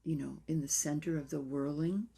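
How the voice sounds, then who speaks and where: An older woman dance therapist telling stories in an interview in a reflective, unhurried way, sometimes dropping to a near whisper. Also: deep voice, steady tone, vocal fry, dark tone, breathy edge.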